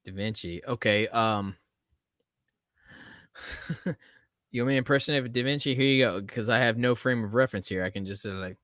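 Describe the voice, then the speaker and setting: Bright-voiced man hosting a live stream. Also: lowish voice, normal speed, long pauses, no echo, studio quality. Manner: chatty, laughing, swears freely. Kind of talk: casual live-stream chat.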